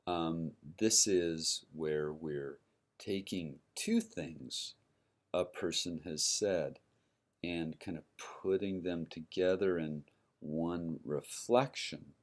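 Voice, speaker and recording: A man's voice: low voice, a little mellow. A man giving a university lecture, explaining step by step and checking in with his listeners by asking "right?" as he goes. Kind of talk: recorded classroom lecture.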